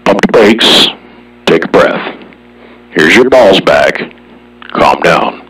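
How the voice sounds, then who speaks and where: A man's voice: deep voice, expressive, takes it slowly, sharp tone, husky. A man chatting casually on the radio as an operator, with laid-back, joking banter. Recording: distant radio transmission.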